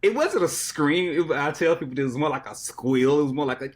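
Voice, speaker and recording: Animated man telling a story. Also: on the high side, fairly quick. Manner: animated, drops to a hushed voice for suspense; peppers speech with "like". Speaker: podcast guest. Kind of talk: casual anecdotal storytelling.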